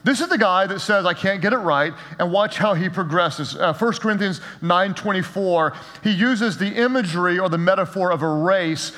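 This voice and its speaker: A male pastor preaching a sermon in an energetic, emphatic way, with a light joking touch, in a church sanctuary. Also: sits high, moderate pace, hardly any pauses. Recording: long reverb of a large hall.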